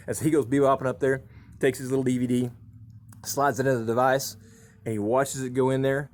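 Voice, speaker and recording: A man's voice: mid-range voice, level tone, fast talker, a little mellow. A middle-aged man telling funny family stories to camera from a horse barn, in a folksy, chuckling way with lots of uh and um. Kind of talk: casual storytelling to camera.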